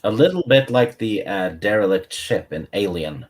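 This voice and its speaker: A man's voice: on the low side, animated, normal speed. A man co-hosting a casual chat, laid-back with dry jokes. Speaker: co-host.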